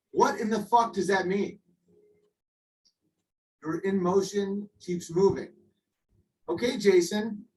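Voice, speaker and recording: High-voiced tipsy guy ranting on a stream, combative, kinda far from the mic, little hiss. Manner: combative, exasperated, profane. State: tipsy after a few drinks. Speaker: livestream host. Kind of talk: heated livestream rant.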